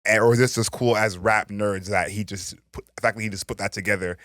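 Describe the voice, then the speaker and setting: A man co-hosting a podcast, thinking out loud and weighing his points. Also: lowish voice, fairly even intonation, quick pace, dry recording, studio quality. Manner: thoughtful, weighs points with restarts and hedges. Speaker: podcast co-host. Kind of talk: casual chat.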